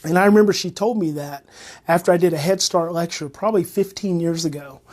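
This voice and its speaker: A woman with a lowish voice and a brisk pace talks casually about parenting, which she teaches. She keeps repeating herself and grows more and more worked up, very animated throughout.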